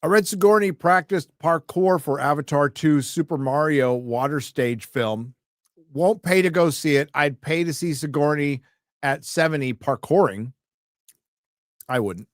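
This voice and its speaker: A man's voice: a little high, measured pace, dry recording, studio quality. A man hosting a casual live stream, reading viewer comments and ranting with lots of swearing and sarcastic asides.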